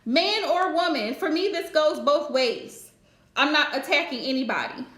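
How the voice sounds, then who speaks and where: A woman's voice: high voice, expressive, normal speed, fairly bright tone, echoey room. A woman hosting a live stream and giving relationship advice in a chatty, direct way, laughing often. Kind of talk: casual live-stream chat.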